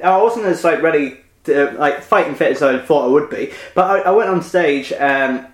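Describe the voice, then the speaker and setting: A man's voice: on the high side, lively intonation, moderate pace. A man, a stand-up comedian, telling a rambling anecdote in casual chat with many fillers. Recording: roomy echo.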